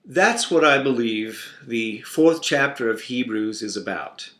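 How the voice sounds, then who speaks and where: A man's voice: mid-range voice, unhurried. A man teaching a Christian devotional through a playful family story. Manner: warm, playful, expressive storyteller. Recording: roomy echo.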